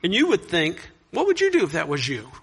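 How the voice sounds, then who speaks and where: A man preaching a sermon, earnest, reading scripture loudly and dropping soft to reflect. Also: high-pitched, huge pitch swings, fairly quick, gravelly, breathy edge. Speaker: pastor.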